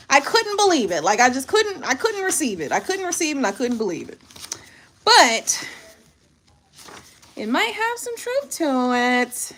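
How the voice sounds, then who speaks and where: A woman tarot reader in casual chat, reading aloud from a book with chatty, animated asides and frequent laughter. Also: on the high side.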